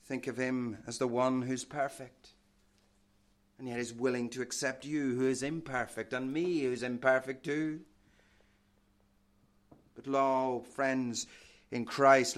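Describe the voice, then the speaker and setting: A man preaching a sermon with passion, quoting old-fashioned scripture, his voice swelling loud and then dropping to a hush. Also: medium pitch.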